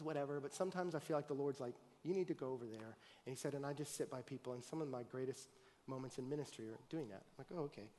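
A man preaching with a fairly high voice, jumping from loud, excited bursts to hushed, earnest asides. His words ring out in a large hall with a long, lingering reverb. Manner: animated, swings from loud excited bursts to quiet earnest talk. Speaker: pastor. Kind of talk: sermon with storytelling.

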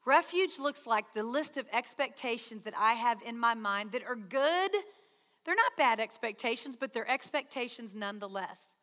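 A woman's voice: a little high, lively intonation, normal speed, sharp tone. A woman giving an earnest sermon at a retreat, acting out prayer dialogues with God. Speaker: retreat speaker. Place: large hall. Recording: hall reverb.

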